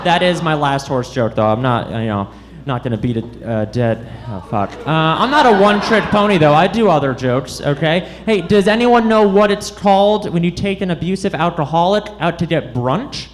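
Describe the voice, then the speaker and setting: A man's voice: a little high, expressive, moderate pace, few pauses. A man doing a stand-up set on a comedy club stage, awkward and self-deprecating, stumbling over his lines on purpose. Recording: live club with loud audience noise.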